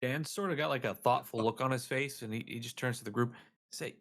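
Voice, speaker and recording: A man role-playing a drifter character in a tabletop game, talking in a slow, rambling, musing way. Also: mid-range voice, fairly bright tone. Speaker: player voicing Drifter Dan.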